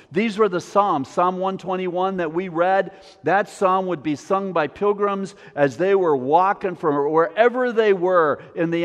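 A pastor from Wisconsin preaching a sermon to his congregation, lively and rising to near-shouts on the prayers. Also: fairly high pitch, in a large hall.

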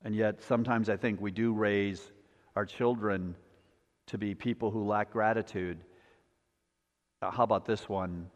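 A male pastor preaching a sermon with a repetitive cadence, building up and then dropping to a quiet, low delivery. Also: steady tone, a little slow, pauses often. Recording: long hall reverb.

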